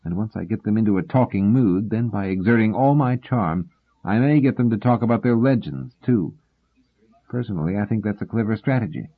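A man reading the lines of a wry, scholarly grown man, earnest and a bit exasperated, in a husky voice. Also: on the low side, fairly quick. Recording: tinny phone-like sound.

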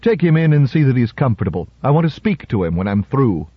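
A composed male politician, read by a man who answers slowly and without emotion. His tone stays level and firm. The recording sounds a little dull and muffled. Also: mid-range voice, sing-song, husky, no echo. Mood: calm, firm. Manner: slow, unemotional. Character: calm composed male politician, measured and unemotional.

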